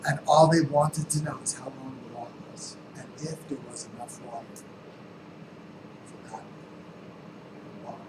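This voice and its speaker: A man giving a live sales training talk, telling stories and acting out the people in them with emphatic, sometimes shouted lines. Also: medium pitch, fairly even intonation, a little slow, long pauses. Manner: storytelling, acts out quotes with shifting voices; emphatic, rising to near-shouts. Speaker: real estate sales trainer. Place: training room. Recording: roomy, distant mic, air conditioning hum.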